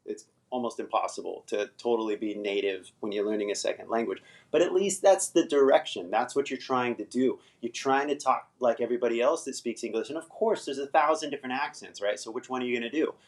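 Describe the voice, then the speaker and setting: A man's voice: medium pitch, expressive, fairly quick, few pauses. An American man hosting a casual live-stream English lesson, loose and chatty, full of fillers, with the odd swear word. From United States.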